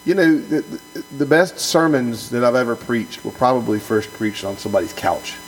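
A pastor speaks with a gravelly, creaky edge, reading passages aloud and then riffing on them earnestly and emphatically. His voice sits at an ordinary middle pitch, and he often stumbles and repeats words as he chases a point. A faint electrical hum runs underneath. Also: normal speed, rough recording. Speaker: pastor and podcast co-host. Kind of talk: book discussion podcast, reading aloud then commenting.

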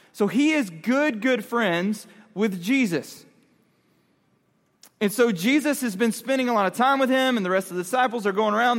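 A man giving a casual youth sermon, talking with the audience and asking them questions. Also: high voice. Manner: conversational, asks the audience questions. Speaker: youth pastor. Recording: long hall reverb.

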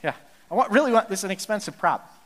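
High-voiced animated pastor in a hall. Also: male voice, fast talker. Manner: animated storytelling, acts out quotes, jokey asides. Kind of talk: sermon.

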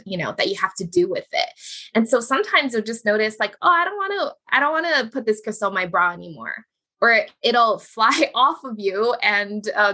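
A woman guest talking about crystals in an animated, giggly, enthusiastic way. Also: mid-range voice, slightly rough. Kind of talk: casual chat.

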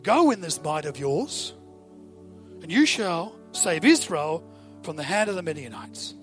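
A man's voice: a little high, very animated, measured pace, faint music behind, voice pushed down. A man voicing a huge, solemn male angel making a grave pronouncement.

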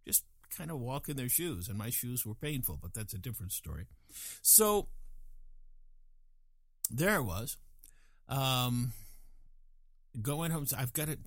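A man's voice: mid-range voice, very animated, unhurried, long pauses, no room sound, studio quality. A man in his sixties from Louisiana tells a long, digressive story to a group, with self-mocking asides. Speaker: speaker telling a story to a group. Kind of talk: casual storytelling.

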